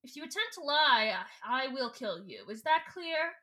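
Woman doing a pompous alien warlord, slow theatrical delivery, bright and high. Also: big pitch swings, exaggerated voice. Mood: menacing. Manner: theatrical, drawn-out proclamations. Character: scheming grandiose male alien warlord.

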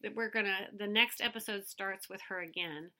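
A woman's voice: medium pitch, normal speed, pushed and bright. A woman co-hosting a casual podcast, her voice sick, chatty and eager as she recaps a reality TV show. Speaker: podcast co-host.

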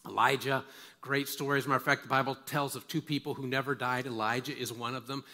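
A man's voice: medium pitch, level tone, fast talker, pushed and bright. A male pastor preaching a sermon in an emphatic way, repeating words for stress and putting questions straight to his listeners. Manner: asks listeners direct questions.

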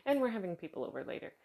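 A woman's voice: mid-range voice, vocal fry, a little mellow. A woman hosting her own podcast, chatting in a casual, rambling, self-deprecating way, tired after little sleep. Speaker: podcast host. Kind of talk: casual solo podcast chat.

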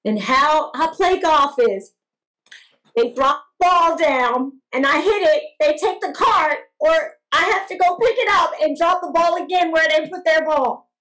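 A woman's voice: high-pitched, a little slow, fairly bright tone, poor audio. A middle-aged woman talking casually as a podcast guest, laughing often and acting out what her daughters say. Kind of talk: casual chat.

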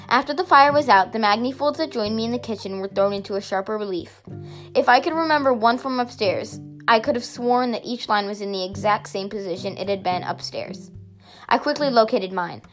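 A woman narrating a first-person story aloud in a steady, softly expressive reading. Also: mid-range voice.

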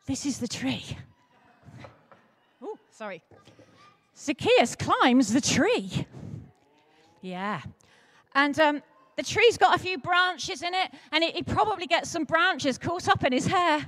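A woman preaching at an all-age church service, telling a story in a playful, animated way and speaking directly to the children. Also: sits high, slow pace, pauses often. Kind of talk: lively storytelling sermon for children and adults.

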